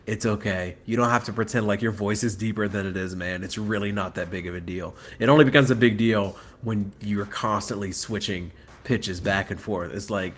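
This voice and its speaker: A man guesting on a sports podcast, dramatic and expressive in casual chat. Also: fairly low pitch, moderate pace, few pauses, slight background noise.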